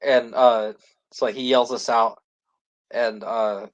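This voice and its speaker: A man's voice: medium pitch, steady tone, takes it slowly, muffled recording. A man co-hosting a podcast, recapping a series in casual chat full of "like" and restarts. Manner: rambling, heavy use of "like" and restarts. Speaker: podcast co-host.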